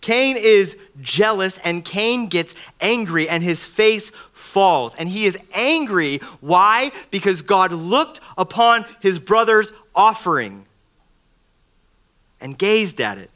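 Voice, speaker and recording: Preaching from the pulpit, this middle-aged man brings the people he quotes to life by performing their voices. He speaks in a high pitch and takes his time.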